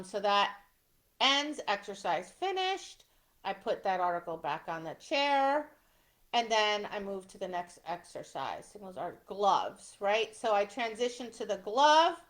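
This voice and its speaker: Woman instructor walking thru obedience trial steps, slow pace, keeps saying right?. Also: fairly high pitch, a bit bright. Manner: conversational, tags points with "right?". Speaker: dog sports instructor. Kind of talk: instructional talk.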